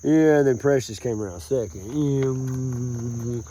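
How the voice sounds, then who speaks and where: Rambling man, mellow low voice. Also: slow, slight background noise. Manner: rambling, swears often, calls listener bro. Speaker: vlogger. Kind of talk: rambling outdoor vlog monologue. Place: outdoors in a rural grassy field.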